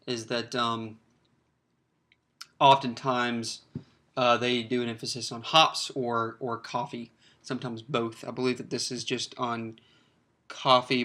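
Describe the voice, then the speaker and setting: Bright-voiced man reviewing a beer. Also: medium pitch. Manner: rambling, many fillers and restarts. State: slightly choked up, clears throat. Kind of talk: casual beer review vlog.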